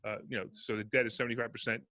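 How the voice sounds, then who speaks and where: A man's voice: medium pitch, no echo. A man, a real estate investor, telling stories in a casual podcast interview and acting out the dialogue. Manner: fast, animated storyteller acting out dialogue.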